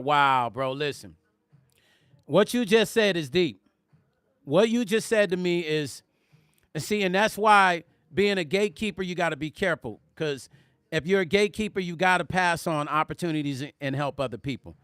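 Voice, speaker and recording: A man hosting a music vlog, telling stories in an animated, conversational way and speaking directly to his viewers. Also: fairly high pitch, normal speed, clear, resonant tone, no room sound, clean studio sound. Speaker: music vlogger. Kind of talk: storytelling on a live stream.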